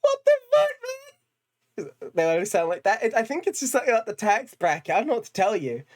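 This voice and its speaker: A woman's voice: mid-range voice, expressive, rapid-fire. A young British woman casually commentating a game, swearing and laughing a lot. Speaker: streamer. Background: game music.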